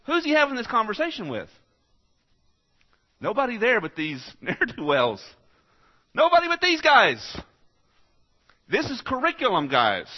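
A man preaching a sermon, swinging from quiet, conversational asides to loud, emphatic exhortation in a folksy manner. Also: fairly high pitch, muffled recording. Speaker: pastor.

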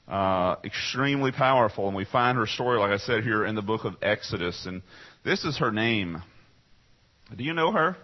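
Low-voiced man preaching conversationally. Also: dull audio. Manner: conversational, asks the congregation questions; repeats himself for emphasis. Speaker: pastor. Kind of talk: sermon.

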